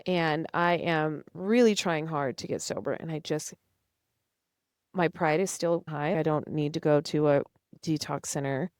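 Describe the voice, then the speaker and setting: A woman's voice: sits low, measured pace, darkish tone, clear, resonant tone, no room sound, clean studio sound. A young woman, a podcast guest, telling her personal story earnestly and emotionally, acting out past conversations. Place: studio.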